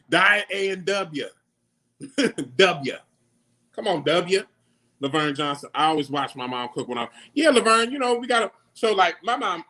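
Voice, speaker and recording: A man hosts a casual livestream and talks straight to his viewers. His talk is animated and slangy, full of quick laughs, and his voice sits a touch higher than most men's. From New York. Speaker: livestream host. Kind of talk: casual livestream chat answering viewer comments.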